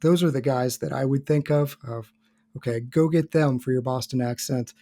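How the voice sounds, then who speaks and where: A man appearing as a guest on a podcast, explaining history in a measured, steady way. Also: mid-range voice. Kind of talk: casual podcast discussion.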